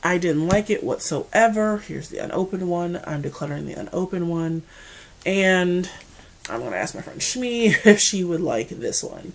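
A woman from the Mid-Atlantic states with an American accent talks casually to her camera, chatty and animated, with playful asides. Her voice sits low and has a gravelly edge. Its pitch moves a lot as she talks. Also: moderate pace, slight background noise. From Mid-Atlantic United States. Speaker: beauty vlogger.

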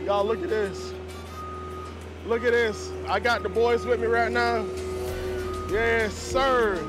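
A man with a hoarse, worn-out voice chatting casually to his viewers, with loose, slangy talk that repeats itself. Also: very high voice, steady tone, takes it slowly. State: hoarse, voice mostly gone. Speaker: vlogger. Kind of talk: casual travel vlog talk. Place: outdoors at a cruise port and ship pool area. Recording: music playing loudly behind.

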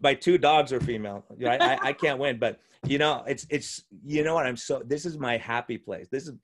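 A man's voice: medium pitch, moderate pace. A male physician and podcast host in casual conversation at home, enthusiastic and rambling, often restarting his sentences. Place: room at home.

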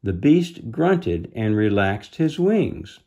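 A man reading a children's book aloud, pausing to explain the story gently to young listeners. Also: lowish voice, big pitch swings, husky, highs cut off. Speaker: storybook reader.

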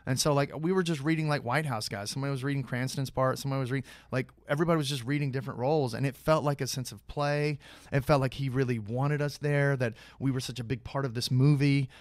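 Man, podcast guest, casual storytelling, filler-heavy restarts, middle pitch, dry recording. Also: fast, no echo. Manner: animated anecdotes, many fillers and restarts. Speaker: guest actor.

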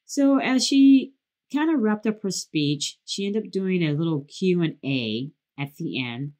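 Woman, from Detroit, podcast host, casual storytelling, lowish voice, very lively intonation. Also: a little slow. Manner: animated, acts out quotes in a lively higher voice.

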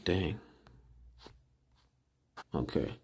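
A man giving a casual screen-recorded lesson, slowly sounding out syllables and repeating words to drill them. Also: a little mellow, slight background noise. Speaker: religious teacher. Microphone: computer mic while screen recording.

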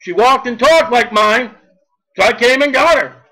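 A man's voice: very high voice, animated, unhurried, bright, forceful tone, heavily acted, poor audio. A man voicing the devil, a cocky and grumbling male figure with a blunt folksy drawl, in a sermon joke. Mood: gruff.

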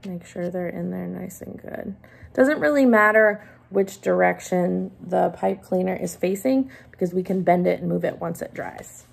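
A woman teacher giving a gentle, hands-on craft lesson for young children while she demonstrates each step. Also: lowish voice, steady tone, normal speed, creaky, breathy edge.

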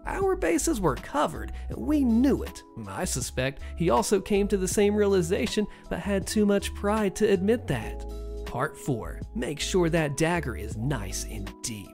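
Story narrator, sardonic, lively pitch swings, faint music bed. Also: a little slow, gravelly. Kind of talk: first-person story narration.

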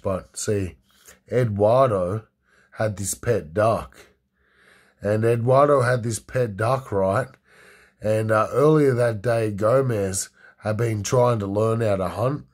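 A man's voice: on the low side, a little mellow. A young man casually telling a crude story, rambling with many fillers.

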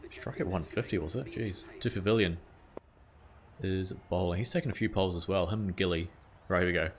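On his gaming channel, a man casually talks through his gameplay, reading out scores and swearing or exclaiming at big moments. His low voice moves a little fast, with slight background noise.

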